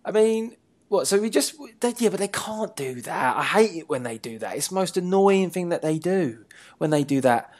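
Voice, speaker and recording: A man's voice: high-pitched, lively intonation, moderate pace, darkish tone. A man hosts a wrestling talk show in easygoing chat. His voice swings widely up and down as he teases his co-host, laughs often, and lets sentences trail off before he picks them up again. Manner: playful and teasing, laughs often, wanders mid-sentence. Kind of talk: casual chat.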